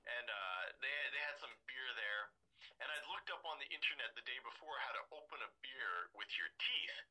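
A man's voice: medium pitch, lively intonation, normal speed, pushed and bright, poor audio. A man, a physicist guest on a podcast, telling stories eagerly and laughing often. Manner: enthusiastic storyteller, laughs often, stammers on restarts. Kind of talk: casual podcast interview.

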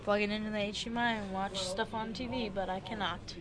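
A woman chats casually as a podcast co-host, full of teasing, laughing banter at a middle pitch. A busy crowd murmurs clearly behind her in a large indoor space. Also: fairly even intonation, fairly quick. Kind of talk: casual chat.

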